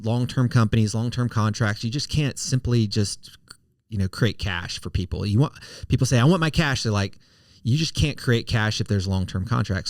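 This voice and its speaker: A man's voice: medium pitch, no echo. Folksy man, dry close sound. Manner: conversational, self-correcting, folksy. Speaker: podcast host, financial advisor. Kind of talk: casual explanatory monologue.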